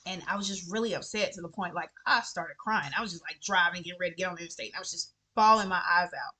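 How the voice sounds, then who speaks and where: A woman's voice: lowish voice, fast talker, bright, forceful tone. A woman with children, talking earnestly to camera in a casual vlog and repeating phrases for emphasis. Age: adult with children. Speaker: vlogger sharing favorite books. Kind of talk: casual heartfelt chat to camera.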